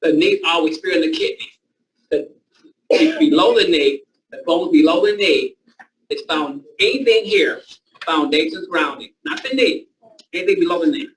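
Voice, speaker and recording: A man's voice: fairly high pitch, expressive, normal speed, distant mic, low-quality recording. A man leading a naturopathy training class, coaching volunteers through a live demonstration and repeating short commands. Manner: loose, informal phrasing. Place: training room before a live audience.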